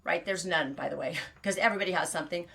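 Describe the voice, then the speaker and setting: A woman in her fifties talks fast and bluntly, rambling through fillers and restarts and laughing often. Her voice sits low and has a gravelly fry. She hosts her own candid storytelling show. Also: fairly bright tone. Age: 50s. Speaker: host.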